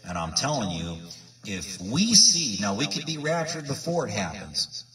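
A man's voice: on the low side, sing-song, a little fast, fairly bright tone, recorded from a distance. A man preaching informally to his viewers, emphatic and repetitive, full of rhetorical questions. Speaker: independent Bible teacher.

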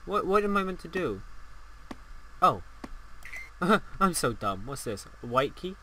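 A young man commentating a horror game as he plays, excitable and swearing, talking back at the game. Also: sits high, moderate pace, long pauses, low-quality recording. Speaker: gaming channel host.

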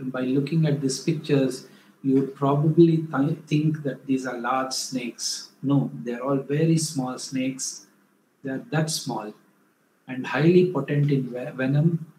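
A man's voice: medium pitch, slow, long pauses. Man giving a hesitant slide talk. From India. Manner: hesitant, self-correcting, animated when retelling a story. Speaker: wildlife photographer presenting slides. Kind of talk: illustrated talk. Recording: echoey room, faint background noise.

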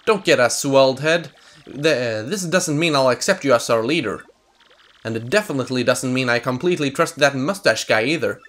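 A man's voice: medium pitch, fairly quick, a bit bright, lightly acted. A Swedish man voicing a stubborn, proud young male bug creature from a game, huffy and defiant, reading in English.

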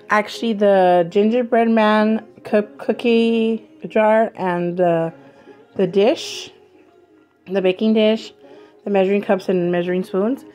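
A woman's voice: medium pitch, a little mellow. A woman vlogger chatting casually as she unboxes purchases, gushing and rambling, sick with a cough.

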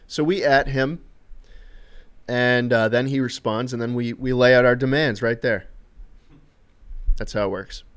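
A man's voice: medium pitch, fairly even intonation, a little slow, pauses often, clear, resonant tone. A man telling loose, amused anecdotes during a live stream, rambling with fillers and casual swearing. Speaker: streamer and co-host.

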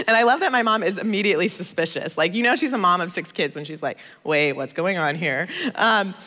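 A woman in her thirties from the United States, preaching a sermon in a conversational, expressive storytelling manner. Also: a little high, big-room sound.

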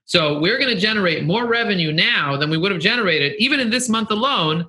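Middle-aged guy in an interview, super bright tone, earnest, kinda animated, voice sits a bit high. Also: brisk. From United States. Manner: earnest, animated, repeats phrases for emphasis. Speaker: guest, marketing agency CEO. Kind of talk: candid interview conversation.

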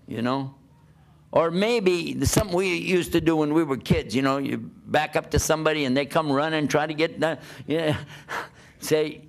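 An older man preaching, telling a personal story in an animated way and often laughing as he talks. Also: a little high, gravelly. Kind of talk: storytelling talk.

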